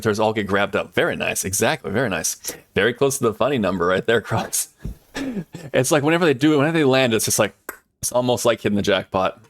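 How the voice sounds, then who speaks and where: Upbeat guy streamer rambling to chat, mid-pitch voice, dry close mic, lots of likes and ums. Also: no room sound. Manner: chatty, upbeat, lots of fillers and asides. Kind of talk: casual live-stream chat with viewers.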